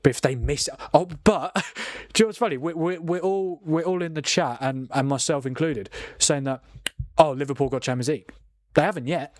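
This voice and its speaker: A man, hosting a live football watchalong and chatting in a rambling, animated way, with plenty of laughs and restarts. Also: fairly high pitch, moderate pace, dry recording, clean studio sound. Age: 40s. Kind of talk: casual live commentary and chat.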